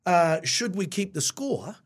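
A middle-aged man with a New Zealand accent co-hosts a casual podcast chat. His voice is a little husky and sits somewhat high. He tells stories reflectively, often restarting and ending with "eh". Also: animated, measured pace. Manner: reflective storyteller, many restarts, eh tags. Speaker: podcast co-host.

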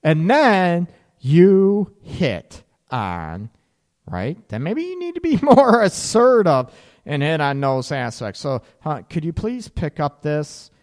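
A man hosting a relationship advice radio show, talking in an animated, sarcastic way and acting out quoted partners. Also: a little high, takes it slowly, big-room sound. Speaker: radio show host and counselor.

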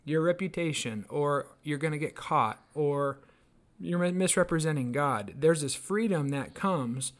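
Earnest man telling stories, higher voice. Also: a little slow. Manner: earnest storytelling, acts out quoted voices. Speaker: podcast co-host. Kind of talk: casual devotional chat.

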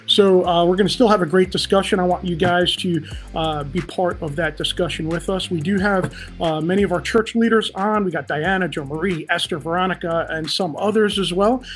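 A man's voice: high-pitched, a little fast. A man speaking as a pastor on a livestream, upbeat and talking straight to viewers in the chat. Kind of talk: livestream Bible teaching.

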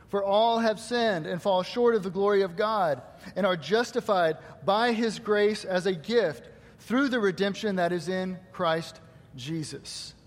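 A male pastor preaching a sermon to his congregation, asking rhetorical questions and quoting scripture. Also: sits high. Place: church hall. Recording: long hall reverb.

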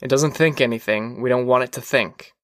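A man's voice: mid-range voice, fairly quick, fairly bright tone, no room sound, clean studio sound, natural voice. A man voicing a confident, dismissive middle-aged fire captain in an audiobook reading, offhand and mocking.

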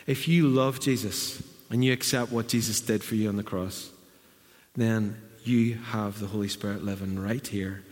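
A man's voice: lowish voice, steady tone, moderate pace. Middle-aged guy preaching in a church hall, chatty, slips into voices for quotes, lots of reverb. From Northern Ireland. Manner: conversational, acts out quotes in raised voice. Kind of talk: sermon.

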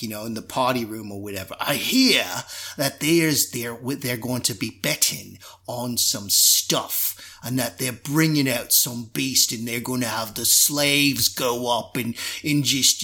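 A man's voice: mid-range voice, bright, forceful tone. A man putting on a bored Cockney drow guard. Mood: bored gossip. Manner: chatty, rambling, gossipy. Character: bored gossiping male drow pirate guard.

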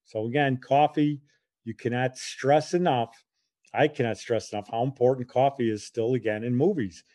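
Chatty mellow-voiced man in his sixties. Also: medium pitch, fairly even intonation, normal speed. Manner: chatty, rambling, homespun. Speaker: podcast host. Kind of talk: casual podcast monologue.

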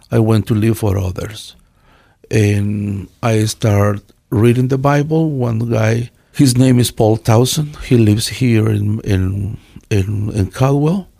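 A man in his sixties from Guatemala with a Guatemalan Spanish accent, a pastor telling his life story in halting, earnest English with many restarts. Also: fairly low pitch, vocal fry, warm tone, dry recording. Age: 60s.

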